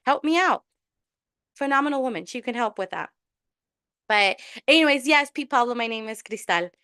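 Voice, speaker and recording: Woman doing a tarot workshop, kinda high voice, earnest and encouraging, dry close mic. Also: lively intonation, brisk, sharp tone, clean tone, no echo. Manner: earnest, encouraging, many restarts. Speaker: tarot reader and spiritual coach. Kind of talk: casual spiritual workshop talk.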